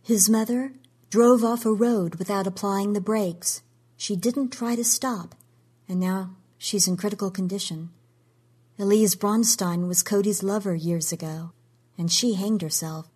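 A woman's voice: medium pitch, unhurried, a little mellow, breathy edge. A woman reading the lines of a frightened, desperate woman whose voice rises with anxiety. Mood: distraught. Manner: pleading, anxious, voice rising.

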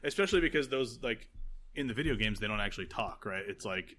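A man's voice: fairly low pitch, expressive, fast, sharp tone, a little hiss or hum. Rambling man on a chat podcast. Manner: rambling, filler-heavy, laughs often. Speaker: podcast co-host. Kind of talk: casual chat.

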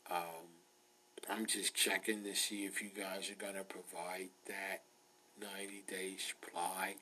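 A man putting on the voice of a frail old man calling a pharmacy, soft and whispery, slowly pleading and polite. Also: deep voice, flat delivery, slight background noise, rough recording.

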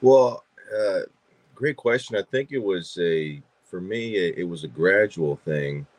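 A podcast guest from Georgia, USA, an actor and filmmaker, tells stories in casual conversation, full of fillers and repeated words. His voice is low with lively intonation at a measured pace, and there's no room sound.

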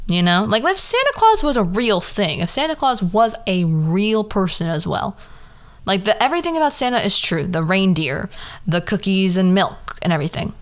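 Animated young woman podcaster, slangy. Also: medium pitch, moderate pace. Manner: chatty, rhetorical, full of slang and fillers. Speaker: podcast host. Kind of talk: casual comedic monologue.

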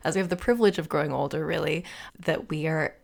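Woman, 30s, podcast co-host, a touch low in pitch, thoughtful and self-deprecating. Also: quick pace, gravelly. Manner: thoughtful, self-deprecating, repeats words when starting. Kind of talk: casual chat.

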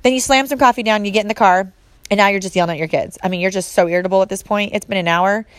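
A woman's voice: medium pitch, rapid-fire, clear, resonant tone, no echo. Emphatic woman coach, dry sound. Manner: emphatic, repetitive, direct address. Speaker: fitness and mindset coach. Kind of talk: motivational talk.

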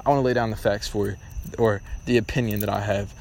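A man's voice: fairly low pitch, fairly even intonation, fast, vocal fry, darkish tone, a little hiss or hum. A young man hosting a casual solo podcast, talking bluntly and ramblingly with lots of swearing. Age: young adult. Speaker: podcast host.

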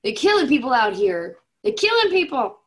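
Woman doing a young robot guy, slangy and exasperated, with a breathy voice. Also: fairly low pitch, normal speed. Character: young male robot inventor, earnest and desperate.

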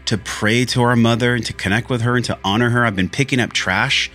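A man's voice: medium pitch, steady tone, a little fast, pushed and bright, soft background music. A man hosting a podcast, talking earnestly and candidly about a spiritual journey, with frequent swearing. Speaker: podcast host. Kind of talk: candid reflective monologue.

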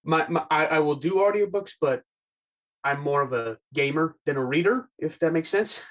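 A man's voice: on the high side, lively intonation, moderate pace, rough recording. A young man chatting casually as a podcast guest over a video call, rambling with lots of fillers and a self-deprecating humor. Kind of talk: casual chat.

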